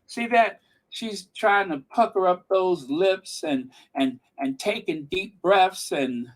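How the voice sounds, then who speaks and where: Slow, sarcastic man commenting to viewers. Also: sits high, animated. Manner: sarcastic, emphatic, talks to viewers and live chat. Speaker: commentary channel host. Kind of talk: casual reaction commentary.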